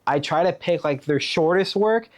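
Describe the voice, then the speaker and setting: A man's voice: on the high side, moderate pace. Chatty man vlogging about books. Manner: enthusiastic, rambling with fillers. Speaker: book vlogger. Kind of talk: casual chat. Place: Oregon.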